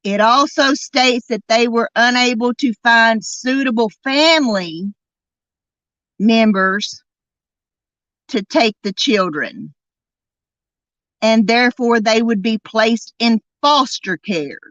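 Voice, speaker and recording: A woman hosting a true crime podcast, delivering an indignant, emphatic monologue and drawing out key words slowly. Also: fairly high pitch, a bit bright, no echo, dull audio. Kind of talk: angry commentary monologue.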